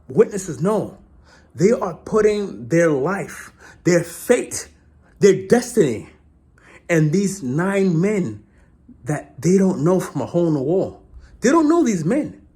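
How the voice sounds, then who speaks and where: A man tells a story to his viewers in a casual monologue. His voice swings lively up and down as he dramatizes events. He keeps checking in with the listener by asking "right?". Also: sits high, a little slow, long pauses. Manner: animated, repeats "right?" often, dramatic retelling. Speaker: vlogger.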